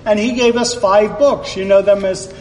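A man's voice: high-pitched, steady tone, moderate pace, a little mellow. A male preacher giving a sermon in a conversational way, with jokey asides. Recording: echoey hall from far off, faint ambience.

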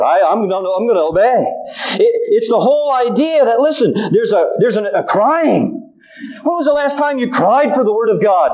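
Man, middle-aged, high voice, animated sermon, preacher. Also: rough recording. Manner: animated, acts out family quotes.

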